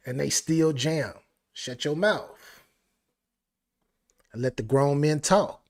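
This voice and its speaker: Guy reacting to an album live, hyped up, says stuff twice, kinda high voice. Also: takes it slowly, pauses often. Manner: excited, exclaims and repeats phrases. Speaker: music reaction host.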